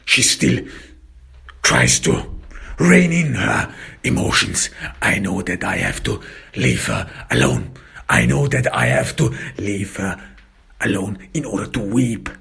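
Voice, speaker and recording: A man narrating a first-person detective story, slow, halting and reflective. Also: deep voice, wildly swooping pitch, gravelly, a bit bright, slightly rough.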